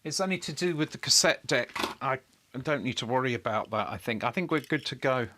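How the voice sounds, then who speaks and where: Mid-pitched and in no hurry, an electronics hobbyist host talks half to himself at his workbench, animated and a little wry at his own expense. He mutters while checking parts and searching for things, like someone thinking aloud on a live build stream, with noise in the background.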